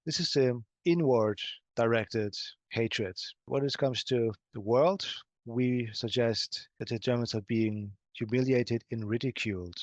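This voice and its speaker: A man speaking as a client in a hypnosis session, measured and grave, often sinking to a low murmur. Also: dry recording, lo-fi sound. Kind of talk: speaking in trance, answering questions.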